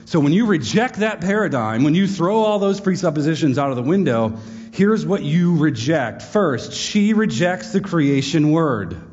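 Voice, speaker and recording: A man's voice: fairly high pitch, darkish tone. A man teaching a sermon to a live audience in a conversational way, with wry, joking asides. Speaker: preacher. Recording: echoey hall, dull lo-fi sound.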